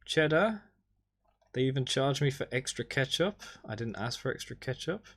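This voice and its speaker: Flipping through his holiday pictures on a stream, a man gives a brisk, casual recap that wanders with dry humor and jumps abruptly higher in pitch when excitement hits.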